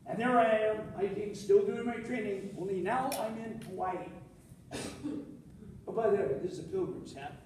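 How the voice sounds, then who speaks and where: A man's voice: extremely high pitch, expressive, normal speed, a little hiss or hum. An older man giving a humorous contest speech, telling a story with acted-out quotes. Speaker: contest speaker. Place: large hall with an audience. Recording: echoey hall, speaker far from mic.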